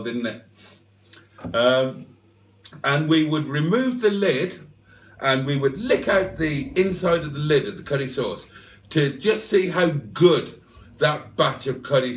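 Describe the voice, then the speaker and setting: A man hosting a livestream, telling a rambling comic monologue in a deadpan, mock-serious way with long digressions. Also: medium pitch. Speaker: livestream host. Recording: echoey room, mic at a distance.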